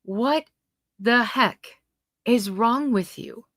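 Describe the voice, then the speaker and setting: A woman's voice: on the high side, drawn-out words, a bit bright, no echo, studio quality. A middle-aged woman hosting a livestream, talking passionately and indignantly, reacting to her viewers' comments. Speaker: host.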